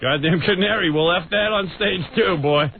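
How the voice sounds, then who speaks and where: A man's voice: sits high, moderate pace. A man hosting a radio show, taunting a rival in a crude, mock-menacing bit. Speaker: radio host. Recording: tinny lo-fi radio broadcast, faint hiss.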